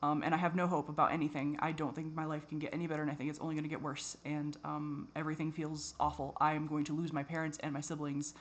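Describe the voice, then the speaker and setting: A tired man rambling in a personal vlog, swearing a lot and drifting between normal talk and low mutters. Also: flat delivery, fast talker, hardly any pauses, a bit bright. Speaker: vlogger.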